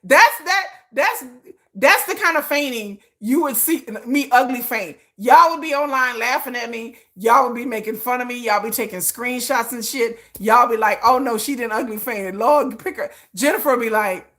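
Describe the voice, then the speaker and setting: Woman on a livestream, high bright voice, laughing lots, swears, talks to chat. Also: moderate pace. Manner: animated, laughing, rambling asides to chat; swears freely, Southern-flavored slang. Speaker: livestream host. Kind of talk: casual fan livestream chat.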